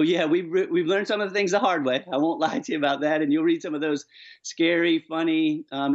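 A man telling stories earnestly and with animation as an author guest on a radio interview. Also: medium pitch. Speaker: author and charity founder, guest. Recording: dull lo-fi sound.

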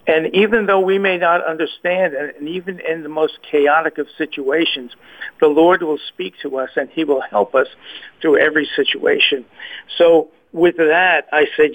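On the phone as a guest, a man with a steady voice on the high side gives a personal testimony of faith at normal speed. His delivery is hesitant, full of repeats and restarts, over a tinny line.

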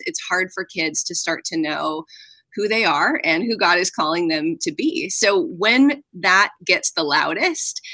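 Bright, earnest woman author in interview. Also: fairly low pitch, no echo. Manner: earnest and animated, often uses "like" and "right". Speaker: author and guest. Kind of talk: conversational interview.

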